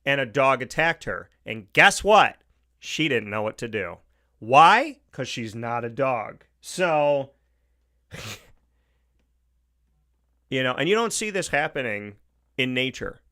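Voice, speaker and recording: A male talk show host with an Upstate New York accent, holding forth in an opinionated monologue at a mid-range pitch. He is emphatic, hammers his points by repeating them, and slips into little acted-out quotes. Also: big pitch swings, slow pace, pauses often, pushed and bright.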